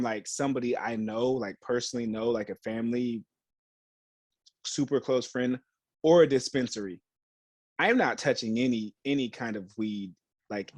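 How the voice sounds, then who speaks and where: A young man telling a story on a casual podcast, slipping into other people's voices for the quotes and swearing freely. His pitch sits in the middle, and the close mic sounds dry. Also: slightly rough, no room sound. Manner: animated storyteller, acts out quotes, heavy swearing and slang. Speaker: podcast co-host. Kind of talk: casual chat.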